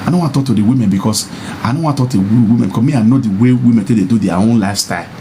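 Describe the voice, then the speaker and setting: A man with a Nigerian Pidgin accent preaching about marriage to men in a monologue. He repeats his points and rises into high mocking taunts. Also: rapid-fire, dark tone, a little hiss or hum. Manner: insistent and repetitive, mocking, rising to high taunts. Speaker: social media personality.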